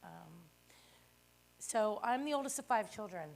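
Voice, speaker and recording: A woman's voice: medium pitch, expressive, unhurried, creaky. A woman from Philadelphia giving her first talk to colleagues, telling her life story modestly and a bit nervously. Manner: modest and a little nervous, with fillers. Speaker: guest speaker, real estate agent. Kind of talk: personal life story speech.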